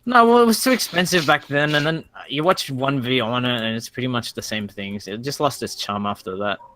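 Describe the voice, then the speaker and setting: A man's voice: medium pitch, brisk, fairly bright tone. A man co-hosting a casual podcast chat, teasing his friends in a dry way. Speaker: podcast co-host.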